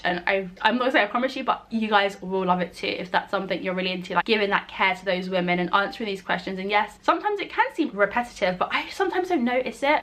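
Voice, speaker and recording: A young woman from the UK talks to camera in a casual, gushing vlog style. Her voice sits at a middle pitch, and she keeps piling on "like" and "oh my gosh" with bubbly enthusiasm. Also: a bit bright. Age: young adult. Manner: gushing, enthusiastic, chatty with many likes and oh my gosh. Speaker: student midwife vlogger.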